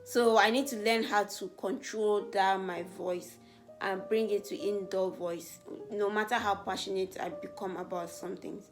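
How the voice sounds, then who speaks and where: A young woman from Africa answers viewer questions in a relaxed, chatty way. She is earnest, and when something excites her, her voice climbs higher and louder. Faint music plays quietly behind her. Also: a little slow. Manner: animated, voice rises when excited. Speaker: beauty vlogger. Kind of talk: casual get-to-know-me Q&A.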